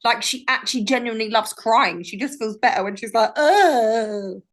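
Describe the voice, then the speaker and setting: A woman's voice: fairly high pitch, fast talker, a bit bright. A woman, chatting casually as a podcast guest and telling stories animatedly. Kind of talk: casual chat.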